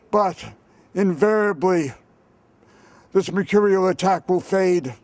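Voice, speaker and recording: A man's voice: high voice, darkish tone, no room sound, voice pushed up. A man doing an impression of a famous sportscaster, pompous and clipped with ornate wording.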